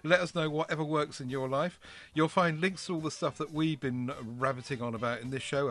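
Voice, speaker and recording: A man's voice: a little high, steady tone, fairly quick, fairly bright tone. A man co-hosting a podcast, chatting in a jokey, rambling way with plenty of fillers. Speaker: podcast co-host. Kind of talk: casual podcast chat.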